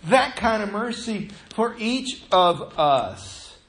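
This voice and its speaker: A man preaching a sermon as pastor, animated, swinging from loud to hushed. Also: sits high, slow. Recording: echoey room, faint noise.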